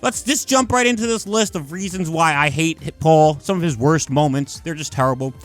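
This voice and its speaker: A man's voice: fairly high pitch, a little fast, soft background music. A man hosting a casual commentary video, ranting in an exasperated, profane and mocking way. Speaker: comic commentary host.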